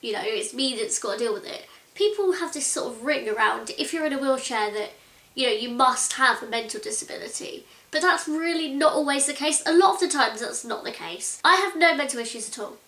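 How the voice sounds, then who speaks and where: High-voiced young woman, echoey room. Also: animated, brisk, sharp tone. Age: 20s. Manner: earnest and exasperated, chatty with many likes. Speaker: vlogger. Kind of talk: casual talk to camera.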